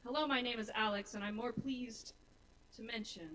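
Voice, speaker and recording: At an open mic in a bar, a young woman performs rhymed spoken-word poems with nervous sincerity, her voice a little high, steady, bright, and at normal speed. Standing back from the mic, she sounds slightly distant, with faint room hiss beneath the live recording.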